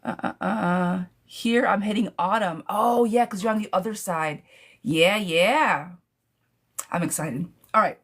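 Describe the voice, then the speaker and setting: A woman's voice: medium pitch, measured pace. Blunt, chatty woman reading tarot live. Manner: blunt, chatty, calls viewers sweetheart and friend. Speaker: tarot reader.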